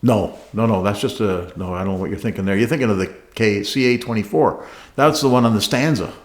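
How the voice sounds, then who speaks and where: A man co-hosting a podcast, telling a racing story in a casual, animated way, acting out radio calls and laughing often. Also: fairly low pitch, fast talker. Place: garage studio. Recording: roomy echo.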